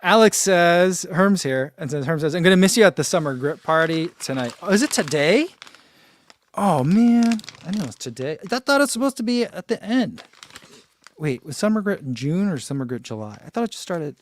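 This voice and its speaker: A man's voice: high voice, sing-song, normal speed. A man in his forties hosting a casual live stream, reading viewer comments aloud and chatting with frequent laughs. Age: 40s. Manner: chatty, laughs often, reads chat aloud. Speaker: running channel host.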